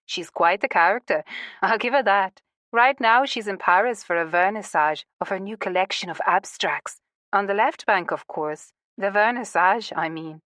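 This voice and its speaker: A woman voicing a lively, gossipy woman in her sixties in an audiobook, bold and quick to confide. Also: mid-range voice, no room sound, close to an everyday voice.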